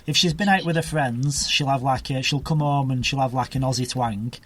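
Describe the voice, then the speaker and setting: A man's voice: medium pitch, fairly bright tone. Man co-hosting, plain mid voice, stops and restarts a lot. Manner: halting, restarts questions. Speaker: podcast co-host. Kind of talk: casual video-call chat.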